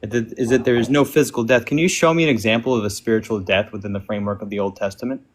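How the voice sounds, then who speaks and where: A man's voice: lowish voice, fairly even intonation, racing. A man debater cross-examining his opponent with insistent, pressing questions.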